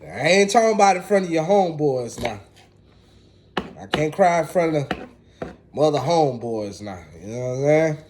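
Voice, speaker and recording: A man's voice: fairly high pitch, animated, normal speed, pauses often, a little mellow, a little hiss or hum. Laid-back man chatting while cooking. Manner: laid-back, chatty, talks straight to viewers. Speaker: home cook. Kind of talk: casual cooking vlog.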